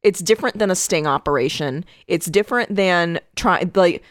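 A woman's voice: fairly low pitch, normal speed, no room sound, studio quality. A woman, co-hosting a podcast in casual chat, blunt and indignant, swearing and saying "like" a lot. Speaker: podcast co-host.

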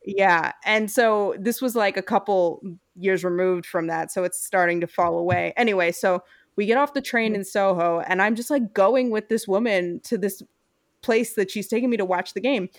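A woman's voice: medium pitch, normal speed, no room sound, clean studio sound. A young woman, co-hosting a casual chat and telling a story full of fillers. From United States. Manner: chatty storyteller with frequent fillers.

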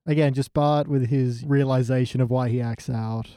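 A man's voice: mid-range voice, steady tone, moderate pace, warm tone, smooth, no echo, studio quality. A man chatting as a podcast guest, wry and laughing as he talks. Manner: wry, laughs while telling things. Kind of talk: casual chat.

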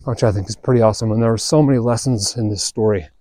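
A man's voice: lowish voice, fast talker, no echo, studio quality. Laid-back man telling a story. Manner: relaxed, chatty storyteller who acts out quoted dialogue. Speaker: podcast host. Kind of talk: casual storytelling monologue.

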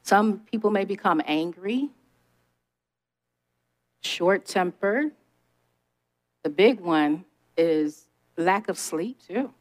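A middle-aged woman delivers a conversational sermon. Her voice sits at an ordinary pitch, and she talks straight to her listeners in an emphatic, testifying way. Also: expressive, takes it slowly, long pauses. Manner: emphatic, testifying, speaks to the audience directly. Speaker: preacher.

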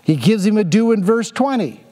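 High-voiced preacher in a reverberant hall. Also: male voice, expressive, a little fast, mellow. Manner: emphatic, repetitive rhetorical questions. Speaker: pastor. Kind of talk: sermon.

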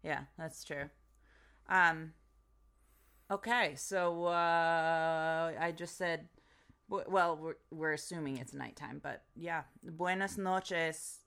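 Low-voiced American woman, teasing. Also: fairly even intonation, takes it slowly, vocal fry, fairly bright tone, clean tone. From United States. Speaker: podcast co-host. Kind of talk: casual chat.

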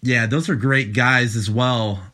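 A male podcast host speaks slowly and easily, with a bright, clear tone. He chats casually and pads his thoughts with relaxed fillers. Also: medium pitch, a little hiss or hum. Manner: slow, easygoing with fillers. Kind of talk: casual interview chat.

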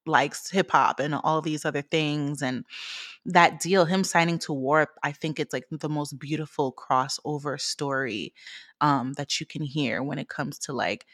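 Woman podcast co-host, relaxed slangy talk, lowish voice, dry close mic. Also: unhurried, no echo. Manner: laid-back, slangy, laughs easily. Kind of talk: casual chat.

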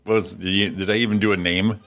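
Very deep-voiced jokey male radio co-host. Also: steady tone, fast talker, creaky, fairly bright tone. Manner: laughs often, jokey interjections. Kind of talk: casual chat.

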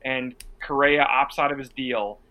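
A man's voice: mid-range voice, steady tone, a little slow, pushed and bright, low-quality recording. A man hosting a casual sports podcast, steering topics and giving blunt opinions. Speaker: podcast host.

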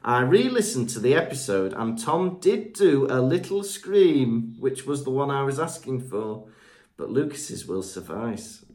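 Lively British man reading reviews. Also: medium pitch, unhurried. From Britain. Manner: chatty, jokey, stumbles over names. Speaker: podcast co-host. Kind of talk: casual chat, reading listener reviews.

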